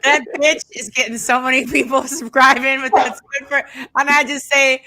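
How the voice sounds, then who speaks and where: A woman's voice: sits high, little pitch movement, normal speed, sharp tone. A woman guest on a podcast, telling stories bluntly with swearing and acting out the voices she quotes. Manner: blunt, profane storyteller who acts out quoted voices. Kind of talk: casual podcast chat.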